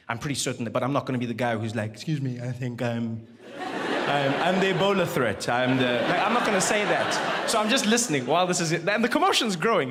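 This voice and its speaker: A South African man performs stand-up comedy in a noisy live venue, telling stories animatedly and acting out voices. His voice is mid-range and a bit bright.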